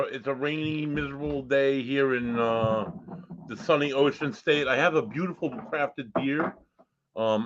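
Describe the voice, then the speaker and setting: A man's voice: medium pitch, a bit bright, highs cut off. A man co-hosting a podcast in a casual chat, talking in a laid-back, loose way and swearing casually. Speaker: podcast co-host.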